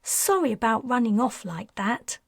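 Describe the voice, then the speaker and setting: A composed adult woman who answers plainly and matter-of-factly, as voiced by a woman narrator. Her breathy voice stays close to the narrator's own. Dry, close audiobook read. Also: on the high side, animated, normal speed, dry recording. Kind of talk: audiobook character voice.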